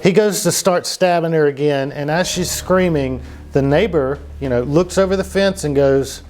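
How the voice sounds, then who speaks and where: A man's voice: a little high, moderate pace, hardly any pauses, a little mellow. A man hosting a comedic true-crime podcast, telling the story in a loose, profane way full of fillers and asides. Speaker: podcast host.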